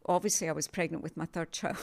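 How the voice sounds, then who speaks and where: An older woman from England chatting as an interview guest, telling her story in a lively, self-mocking way and laughing often. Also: low-pitched, fast, gravelly. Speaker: guest, TV sales presenter. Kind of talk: casual interview chat.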